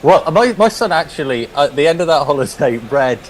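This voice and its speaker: A man's voice: fairly high pitch, lively intonation, moderate pace, slight background noise, rough recording. A man co-commentating on cricket, telling long stories between balls and often restarting his sentences. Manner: rambling storyteller, restarts often. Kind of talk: anecdotal commentary chat.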